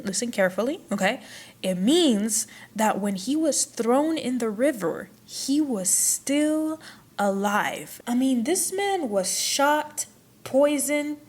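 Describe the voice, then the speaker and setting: Animated young woman telling a story. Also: a little high. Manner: animated, dramatic retelling with playful asides. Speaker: history vlogger. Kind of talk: casual storytelling vlog.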